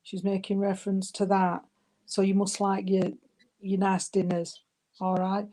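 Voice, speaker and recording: A woman's voice: mid-range voice, monotone, measured pace. A woman, working as a spiritualist medium and giving spirit messages, calling her listeners darling and sweetheart. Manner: warm, calls people darling and sweetheart.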